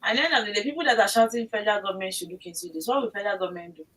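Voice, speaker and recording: Woman, mid pitch, bright tone, talk-show commentary. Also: rapid-fire, rough recording. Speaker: co-host.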